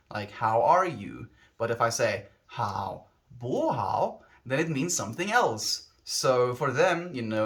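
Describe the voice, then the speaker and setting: A man's voice: medium pitch, a bit bright. A man from South Africa with a South African accent, chatting casually with his stream viewers in a rambling, reflective way that often corrects itself mid-sentence. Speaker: livestreamer.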